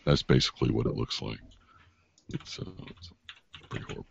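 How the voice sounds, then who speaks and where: A man's voice: rumbling low, brisk, creaky, husky, dry recording. A man running an online tabletop game as game master, rambling through rules with many fillers, heard over dull lo-fi voice chat.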